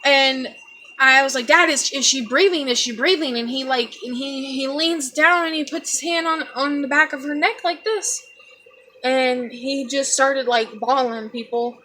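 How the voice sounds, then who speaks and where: A young woman talks straight to her viewers, tearful and halting, circling back over her words. Her voice is bright and a little high, and she speaks slowly. A faint room hum sits behind her. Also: fairly even intonation. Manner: halting, repeats herself, addresses viewers as people. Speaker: vlogger. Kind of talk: emotional personal storytelling.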